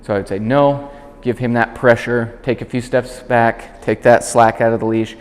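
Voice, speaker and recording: A man working as a dog trainer, calmly explaining a demonstration and switching to short, clear commands for the puppy. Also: medium pitch, normal speed, big-room sound. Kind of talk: instructional demonstration.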